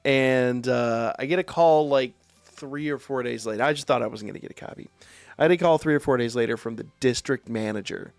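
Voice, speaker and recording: A man streaming live, telling a profane, animated story in a casual way. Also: mid-range voice, fairly quick, gravelly, dry recording, soft background music. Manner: profane, animated anecdote with quoted voices.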